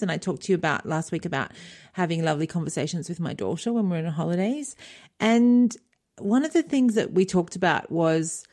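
A woman's voice: lowish voice, dark tone. A middle-aged woman co-hosting a podcast, chatting casually, laughing often and retelling conversations. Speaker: podcast co-host. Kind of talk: casual chat.

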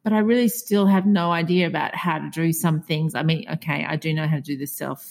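A woman's voice: deep voice, fairly even intonation, fairly quick, creaky, darkish tone. Chatty Australian woman telling stories. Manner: chatty storyteller, acts out quoted dialogue. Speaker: podcast co-host. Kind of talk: casual chat.

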